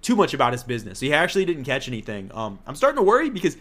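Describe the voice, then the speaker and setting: A man's voice: medium pitch, rapid-fire. A man co-hosting a casual podcast, chatting animatedly and jokingly as he recaps a game playthrough. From Italian heritage. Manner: animated, jokey, slips into mock voices. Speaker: podcast co-host.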